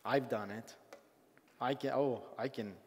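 A male pastor preaching a conversational, animated sermon, often acting out the voices of grumbling people. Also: medium pitch, unhurried. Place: church sanctuary. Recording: long hall reverb.

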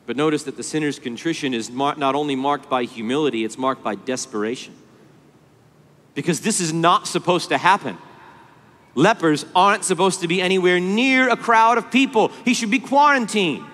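Male conference preacher, high-pitched and impassioned, hall reverb. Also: normal speed. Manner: impassioned, swings from hushed to pleading. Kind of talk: sermon.

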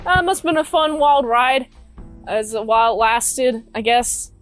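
A woman's voice: on the high side, animated, measured pace, soft background music. A woman reviewing a movie in a casual, rambling way, with sarcastic asides and mocking quotes. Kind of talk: casual spoken movie recap.

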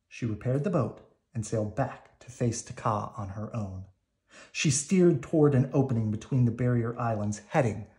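Male storybook reader, slow and calm, mid-pitched, for bedtime read-alouds. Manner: calm, measured reading.

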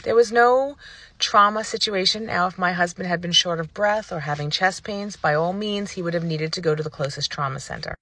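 A woman vlogger telling a personal story to the camera in a casual, animated and indignant way, acting out what people said. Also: lowish voice, brisk. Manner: animated, indignant retelling with acted-out quotes.

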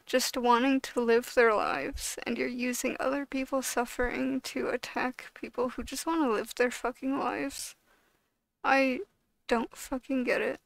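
A woman ranting heatedly to camera, swearing and restarting often, with a gravelly edge to her voice. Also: sits high, no echo, poor audio. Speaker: video creator. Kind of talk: angry rant to camera.

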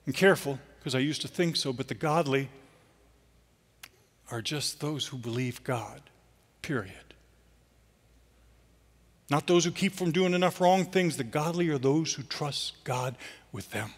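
A man's voice: fairly high pitch, measured pace, long pauses, big-room sound. A man preaching as a guest speaker, telling a story earnestly with rhetorical questions. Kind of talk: sermon. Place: church sanctuary.

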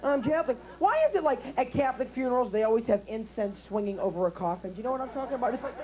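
Flamboyant fast-talking male comedian. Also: very high voice, rough recording. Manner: rapid flamboyant and animated. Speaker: stand-up comedian. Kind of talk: stand-up comedy. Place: comedy stage.

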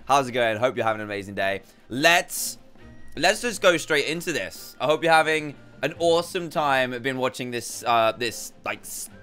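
A man chatting through a game for his viewers in a bright, forceful voice that swings up and down all the time. He is excitable and quick to break into high laughter. Soft game music plays underneath. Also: smooth. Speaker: gaming YouTuber. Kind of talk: casual let's play commentary.

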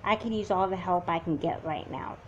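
A woman's voice: on the low side, fairly quick, dull audio, slight background noise, lightly acted. A woman voicing a sullen, hurt teen girl. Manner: subdued, sullen. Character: hurt, confused teen girl, sulky and quiet. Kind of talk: amateur doll-movie voice acting.

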